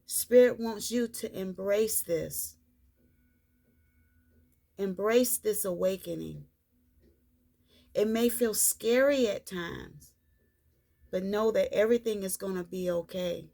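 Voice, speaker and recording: A woman reads oracle cards for her viewers in an unhurried, drawn-out way, leaning on the same reassuring phrases again and again. Her voice has a gravelly, creaky edge, and her pitch sits in an ordinary middle range. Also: mellow. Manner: slow, repetitive, reassuring delivery. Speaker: spiritual card reader. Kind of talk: tarot-style card reading vlog.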